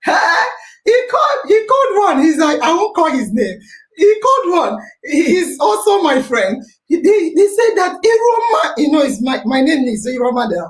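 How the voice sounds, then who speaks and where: Lively high-voiced Nigerian woman, roomy sound. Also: normal speed. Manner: laughing, exclaiming, mixing pidgin into English. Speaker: podcast host. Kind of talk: animated storytelling and live chat. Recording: roomy echo.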